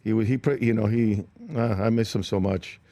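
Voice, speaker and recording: A man, an actor guest in a studio interview, telling anecdotes in a lively, casual way. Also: lowish voice, brisk, no echo. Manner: animated anecdotes with acted-out quotes. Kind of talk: studio interview chat, storytelling. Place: radio show studio.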